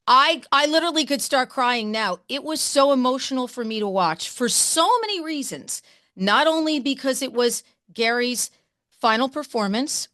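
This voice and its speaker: A woman radio host chatting with a guest in a gushing, excitable way, talking fast in bursts. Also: sits high, no echo, clean studio sound. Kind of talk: enthusiastic interview chat.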